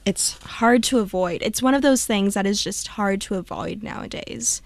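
A young woman co-hosting a casual college radio show, warm and reflective. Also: medium pitch, normal speed, creaky, no room sound. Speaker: radio co-host.

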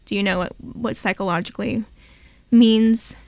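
A woman's voice: mid-range voice, fairly even intonation, a little mellow, no room sound. A young woman hosting a student radio talk show, chatty and playful. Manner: chatty, playful, quick to laugh. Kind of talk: casual radio chat.

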